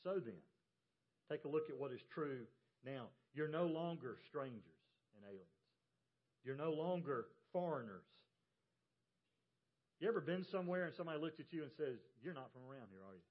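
A man's voice: on the high side, animated, moderate pace, pauses often, breathy edge. A man from the American South with a Southern accent, preaching a sermon as pastor and telling folksy stories with emphasis. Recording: dull lo-fi church audio.

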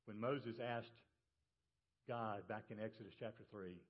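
A man's voice: lowish voice, unhurried, dull audio. Man preaching a conversational sermon. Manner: conversational storytelling preacher, dropping his voice for quoted words. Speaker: pastor. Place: church service.

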